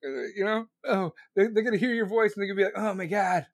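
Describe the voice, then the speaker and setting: Talking very fast in a steady tone, this live-stream host rants loosely, crudely, and sarcastically, hopping from one tangent to another. His voice is a bit high for a man. The audio is dry and close-miked, with no room sound.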